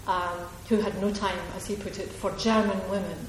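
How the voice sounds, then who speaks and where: Talkative woman novelist at a reading, digressive and emphatic, mid-pitched, very roomy hall sound. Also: fairly even intonation, moderate pace. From Ayrshire, Scotland. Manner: chatty, digressive, laughs often, emphatic. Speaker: author at a reading. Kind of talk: audience Q&A answer. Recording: echoey hall with faint noise.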